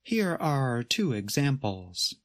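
Slow, measured male grammar teacher. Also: mid-range voice, big pitch swings, no room sound. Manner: measured, explanatory delivery. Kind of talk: scripted educational narration.

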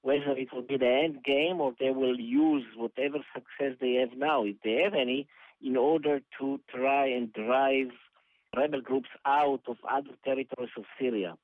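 A man's voice: mid-range voice, steady tone, no room sound. Man on a phone line. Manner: measured, explanatory, hesitant fillers. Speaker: analyst. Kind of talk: phone interview on a news broadcast. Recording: tinny dry phone line.

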